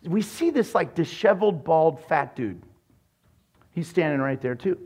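With a slightly high, husky voice and a measured pace, this man preaches as a pastor, playfully telling humorous stories and imitating the voices of others with lively animation.

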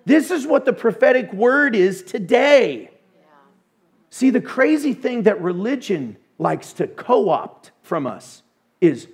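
A male pastor preaching a sermon in an animated way, acting out voices with sudden hushes and bursts. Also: high-pitched, takes it slowly, husky.

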